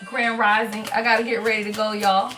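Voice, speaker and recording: A woman giving a casual livestream tarot reading in an animated, preachy way, often checking in with "right?" and "y'all". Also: fairly high pitch, a little fast, distant mic, faint music behind. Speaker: tarot reader and spiritual advisor.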